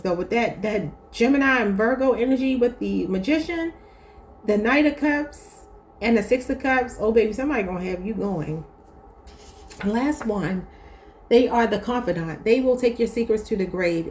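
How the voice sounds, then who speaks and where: A woman's voice: mid-range voice, darkish tone, slight background noise. Chatty tarot-reading woman from Baltimore. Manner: chatty, addresses viewers as y'all. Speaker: tarot reader.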